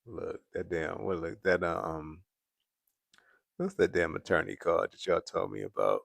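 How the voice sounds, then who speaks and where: A man's voice: deep voice, fairly even intonation, moderate pace, gravelly, fairly bright tone, no echo. A man hosting a live stream, chatting casually with viewers, laughing often as he answers the chat. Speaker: livestream host.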